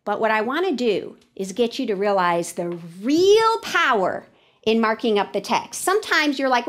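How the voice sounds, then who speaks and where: Woman teacher, classroom lesson, fairly high and very animated, whispers at times. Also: normal speed. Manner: animated, drops to a whisper for the thinking voice.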